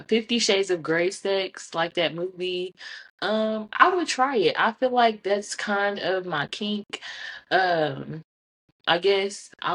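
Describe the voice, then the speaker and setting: A young woman talks frankly and bluntly to her listeners, laughing easily as she goes. Her voice sits on the low side for a woman. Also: a bit bright. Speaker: podcast host. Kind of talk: casual candid chat to camera.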